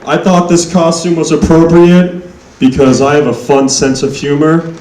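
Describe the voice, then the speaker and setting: A young man doing a stand-up set, deadpan and self-mocking, building to loud punchlines. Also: a little high, normal speed. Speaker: stand-up comedian. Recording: echoey room, mic heard from a distance.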